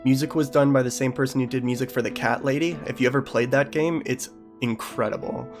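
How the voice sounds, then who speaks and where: A man's voice: mid-range voice, steady tone, a little fast, over music. Brief: man, casual gameplay commentary, easygoing and chuckly. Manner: laid-back, chuckling, reads dialogue aloud. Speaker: streamer. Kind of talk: casual let's-play commentary.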